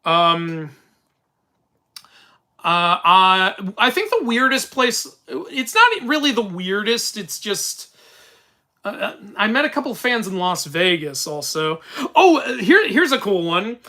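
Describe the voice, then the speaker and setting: A man's voice: high-pitched, very animated, takes it slowly, bright, forceful tone. A young man hosting a casual live-stream Q&A from his room, talking into a phone, rambling with restarts and laughing as he tells stories. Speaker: YouTube mythology channel host.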